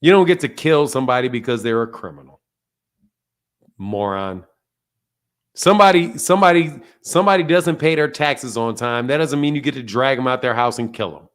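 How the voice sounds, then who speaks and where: A man's voice: mid-range voice, moderate pace, a bit bright. A man hosting a live call-in show, talking bluntly and swearing freely. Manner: blunt, profane, calls people bro. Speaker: host.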